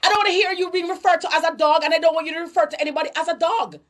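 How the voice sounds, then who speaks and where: Jamaican woman, high-pitched, emphatic lecturing commentary with patois. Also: fairly even intonation, rapid-fire, fairly bright tone. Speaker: online commentator. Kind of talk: preachy social commentary monologue.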